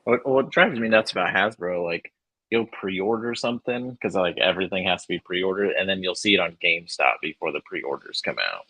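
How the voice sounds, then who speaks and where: A man with a very deep voice complains casually, sounding exasperated. His tone has a bright, forceful edge. The sound is dry. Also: a little fast, no room sound, rough recording. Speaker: guest. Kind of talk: casual chat.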